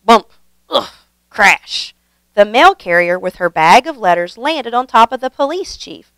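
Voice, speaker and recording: A woman hosting her channel and reading a children's picture book aloud in a gentle, expressive way. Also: mid-range voice, measured pace, clear, resonant tone, dry recording, rough recording. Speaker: storybook reader, channel host.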